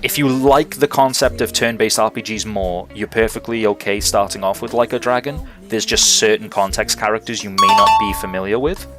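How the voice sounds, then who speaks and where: Over music, a young man with a fairly low voice talks fairly quickly, with hardly any pauses. Streaming live, he answers viewers in a rambling, enthusiastic, casual chat, swearing freely.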